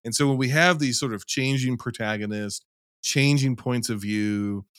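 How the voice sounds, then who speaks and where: A man co-hosting a casual film podcast, talking in a loose, animated way, swearing and acting out scenes as he argues his view. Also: mid-range voice, normal speed, no echo, studio quality. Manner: animated, profane, acts out scenes in quotes. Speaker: podcast co-host.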